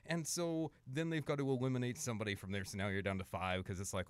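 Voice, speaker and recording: A middle-aged Canadian man co-hosting a casual chat, telling stories with lively acted-out quotes. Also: fairly low pitch, fairly quick. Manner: animated storyteller, acts out quotes. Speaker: podcast co-host.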